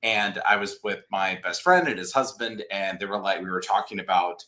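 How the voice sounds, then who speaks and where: A man co-hosting a casual livestream chat on a video call, excitable and rambling, saying "like" a lot. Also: low voice, normal speed. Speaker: livestream co-host.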